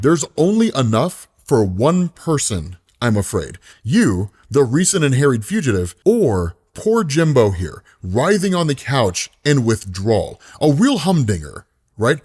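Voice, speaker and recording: A man doing a slow, sinister ice cream man. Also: sing-song, darkish tone, husky. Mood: menacing. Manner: slow, low, teasing delivery.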